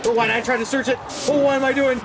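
A man's voice: very high-pitched, level tone, very fast, a crowd in the background, noisy background. A man giving panicky, swearing, self-deprecating commentary while playing a video game. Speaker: gaming channel host. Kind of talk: gameplay commentary.

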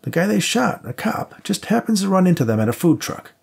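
A man's voice: high voice, sing-song, brisk, creaky, darkish tone, breathy edge, pitched above the performer's own voice, full character voice. A man voicing an agitated male police detective who insists on protecting his partner. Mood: insistent. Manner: insistent, pressing.

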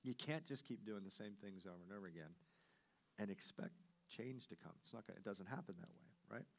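A middle-aged man, a pastor, preaching a sermon with animated storytelling that swings between loud and hushed delivery. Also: lowish voice, a little fast, creaky.

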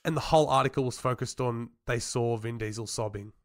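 A man's voice: medium pitch, brisk, dry recording, studio quality. A man co-hosting a casual podcast chat, swearing often and teasing his co-host.

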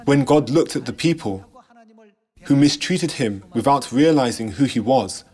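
A man reading a scripted sermon narration in a measured, solemn way, posing rhetorical questions. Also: medium pitch, lively intonation, darkish tone, breathy edge. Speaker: church narrator.

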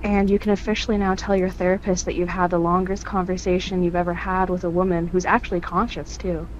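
A woman's voice: lowish voice, flat delivery, quick pace, highs cut off, a little hiss or hum. A woman calling in to a show, roasting another caller in a dry, mocking way. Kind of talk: call-in roast.

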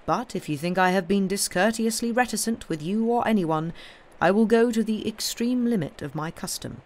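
A woman reading the part of a mild, cheerful male priest detective who speaks quietly and pleasantly. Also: medium pitch, moderate pace, close to an everyday voice. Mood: calm.

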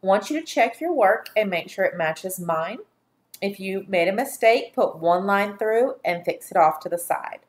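A woman teaching a phonics dictation lesson, speaking deliberately and sounding out each syllable for young learners. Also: medium pitch, animated.

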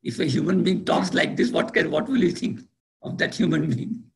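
A man with an Indian accent giving a spiritual lecture, deliberate and repeating key words for emphasis. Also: a little high, gravelly. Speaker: spiritual teacher.

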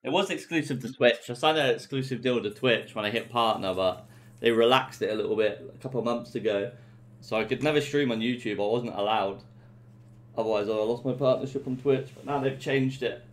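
A man's voice: medium pitch, fairly quick. A young English man chatting casually with viewers while streaming a game. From England. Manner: relaxed, swearing, chatty with viewers. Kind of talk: casual live-stream chat.

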